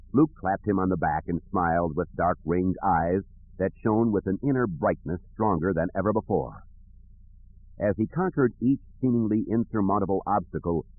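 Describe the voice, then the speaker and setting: In a low, husky voice, a man narrates an audiobook from a script at a steady, even pace. The audio is thin and tinny, like it's coming through a phone line.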